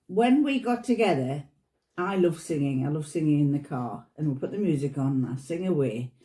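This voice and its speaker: A woman's voice: low voice, animated, fairly quick, dark tone. A woman in her seventies, a vlogger chatting casually at home and telling stories with frequent laughs. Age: 70s. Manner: chatty storyteller, laughs often. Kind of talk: casual chat. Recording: echoey room.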